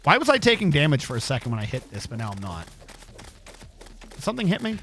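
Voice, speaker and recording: A man's voice: a little high, huge pitch swings, fast talker, a bit bright, a little hiss or hum. A man streaming a game, ranting casually with heavy swearing and frequent stammered restarts. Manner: profane, stammering, heated ranting. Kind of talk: casual gaming livestream rant.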